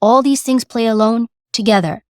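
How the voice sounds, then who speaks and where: A woman giving a motivational talk, animated and acting out examples as she speaks. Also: a little high, moderate pace, no room sound, clean studio sound. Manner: animated, acts out examples, repeats words. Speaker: speaker on presence and communication.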